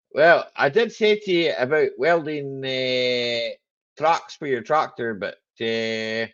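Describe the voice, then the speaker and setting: A man's voice: mid-range voice, fairly bright tone, dull audio. A man hosting a casual live chat stream, joking and laughing a lot as he answers viewers. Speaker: livestream host.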